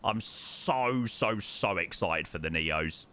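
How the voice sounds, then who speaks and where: A man's voice: deep voice, lively intonation, takes it slowly, bright, forceful tone. A young man chatting casually to his live-stream chat while flying a simulator, repeating words for emphasis. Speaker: livestreamer.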